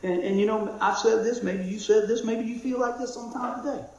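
A man preaching a conversational sermon, excitable and chatty, dropping to a hush and then shouting with excitement. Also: sits high, brisk, lo-fi sound. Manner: excitable, conversational, swings from loud to hushed. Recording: very echoey room.

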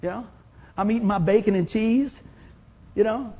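A man's voice: high voice, unhurried, warm tone, husky. A man, preaching a sermon in a folksy, conversational way. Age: 50s. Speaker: pastor.

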